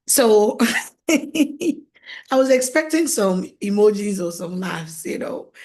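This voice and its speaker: An animated woman delivers a faith-based coaching talk to her viewers. She laughs easily, slips into playful quoted voices, and repeats key lines for emphasis, at an ordinary middle pitch for a woman. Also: slow. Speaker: marriage coach. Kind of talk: faith-based teaching monologue.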